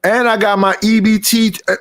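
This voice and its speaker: A middle-aged man hosting a livestream in a casual chat, telling animated stories. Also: high-pitched, normal speed. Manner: animated storytelling with acted quotes. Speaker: livestream host.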